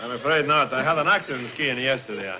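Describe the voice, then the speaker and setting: An actor playing a suave, polite film star with a Spanish accent, in 1950s sitcom style. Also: male voice, medium pitch, quick pace, lightly acted. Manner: polite, smooth, amused. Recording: muffled old TV soundtrack, heavy hiss.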